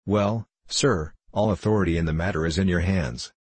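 A man's voice: deep voice, moderate pace, a little mellow, husky, no room sound. A male narrator voicing a pompous, formal ship's captain in an audiobook. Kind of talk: audiobook character voice.

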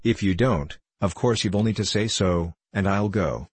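A man's voice: lowish voice, moderate pace, husky, no echo. A man voicing an ancient, kindly male hill sprite in an audiobook, with a playful, sing-song way of chanting his words. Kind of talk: audiobook character reading.

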